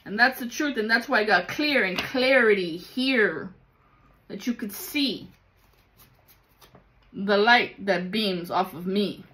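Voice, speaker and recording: A woman's voice: medium pitch, takes it slowly, long pauses, a bit bright, a little hiss or hum. A woman giving a casual tarot reading to viewers, emphatic and blunt, swearing often and calling the listener baby. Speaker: tarot reader.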